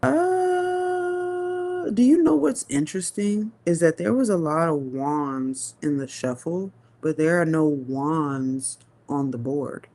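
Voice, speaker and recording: A woman gives a live tarot reading, musing slowly with long hums and pauses and talking casually and profanely. Her voice is low and a little mellow.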